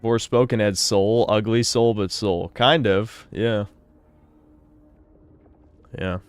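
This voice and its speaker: Male streamer, low smooth voice, sardonic and foul-mouthed, live donation reading. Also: steady tone, slow pace, no echo. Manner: sardonic and profane.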